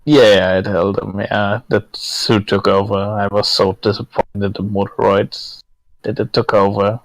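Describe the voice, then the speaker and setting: A man's voice: on the low side, flat delivery, a little slow, no room sound, low-quality recording. A man playing his character in a tabletop game, talking in a giggly, hesitant way. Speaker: player. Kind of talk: casual tabletop play.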